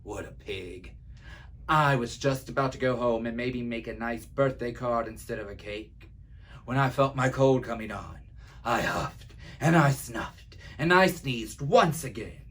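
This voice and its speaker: A man's voice: mid-range voice, lively intonation, measured pace, fairly bright tone, husky. A man reading a children's story aloud as an easygoing male wolf who tells his own side in a chatty, wry, confiding way. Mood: sly. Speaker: library storyteller.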